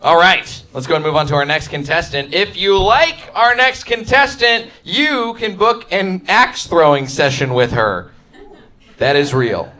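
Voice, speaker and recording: A male game show host with a high, bouncing voice, hyping up the next contestant in an energetic, announcer-like way. His tone is bright and sharp, and crowd noise and faint music play under him. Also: a little slow. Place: comedy club stage with live audience. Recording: live club crowd and music behind.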